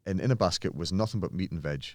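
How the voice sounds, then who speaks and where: Low-voiced guy telling stories on a podcast, earnest, dry close sound. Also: quick pace, dry recording. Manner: earnest, mimics others' voices in anecdotes. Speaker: podcast guest, pro bodybuilder. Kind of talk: casual conversation, storytelling.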